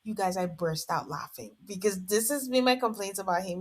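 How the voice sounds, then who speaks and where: A woman's voice: mid-range voice, animated, fairly quick, husky. A woman hosting a podcast, giving a casual, amused recap full of "like". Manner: chatty, amused, lots of "like". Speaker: podcast host. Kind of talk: casual reality-show recap.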